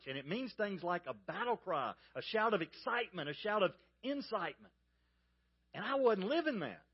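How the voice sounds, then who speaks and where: High, lively Southern preacher man. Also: slightly rough, highs cut off. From Georgia, US South. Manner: folksy storytelling, addresses congregation directly. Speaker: pastor. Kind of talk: sermon.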